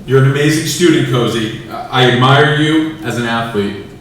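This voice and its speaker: A man's voice: medium pitch, moderate pace. A man in his forties, a father giving a playful, joking speech to his daughter in a large banquet room. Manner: joking, playful, getting emotional. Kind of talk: prepared family speech. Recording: echoey hall from far off, crowd.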